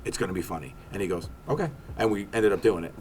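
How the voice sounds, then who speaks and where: A man's voice: sits low, fast, a little hiss or hum. A comedian, chatting in an interview and acting out quotes as he tells stories. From Staten Island. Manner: animated storytelling, acts out quotes. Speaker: comedian guest. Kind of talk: casual interview chat.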